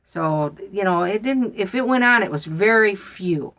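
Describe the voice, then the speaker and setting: A woman's voice: mid-range voice, expressive, unhurried, fairly bright tone. A woman, telling a family story in a rambling, folksy way. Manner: rambling, folksy, repeats herself. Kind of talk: casual storytelling.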